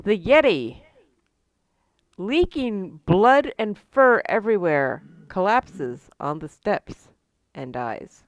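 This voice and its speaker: A woman narrating a tabletop game as game master, in a lively, joking manner with frequent fillers. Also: medium pitch, slow pace, dry recording.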